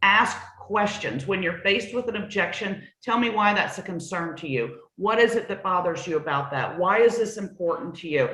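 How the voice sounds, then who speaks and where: A woman's voice: fairly low pitch, expressive, a little fast, few pauses, fairly bright tone. Earnest woman sales coach in an echoey room. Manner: earnest, emphatic, repeats points for stress. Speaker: new home sales trainer. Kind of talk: conversational sales coaching talk. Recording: roomy echoey sound.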